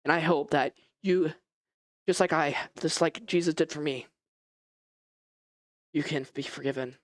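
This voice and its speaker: An earnest young man, newly healed and quietly moved, as a man puts him on in a sermon. He speaks softly and haltingly, with a dry, close sound. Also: on the high side, no echo, natural voice. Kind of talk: first-person sermon.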